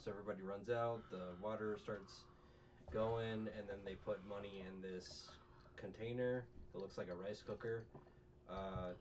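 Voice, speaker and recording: A man with a lowish, slightly mellow voice recaps a show as a podcast co-host in a casual chat, rambling and joking, using lots of fillers and quoted voices. The recording sounds dull and distant, with faint noise.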